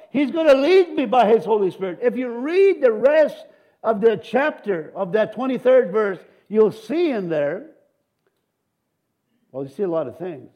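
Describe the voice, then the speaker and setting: Animated preaching man, high voice. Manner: animated preaching with shouts of woohoo and amen, joking asides. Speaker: pastor. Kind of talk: sermon.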